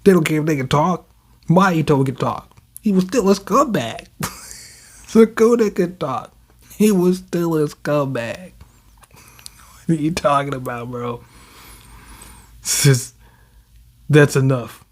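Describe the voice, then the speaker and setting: A man hosting a casual manga reaction, talking in a slangy, animated way, laughing often and calling everyone "bro". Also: fairly high pitch, takes it slowly, long pauses.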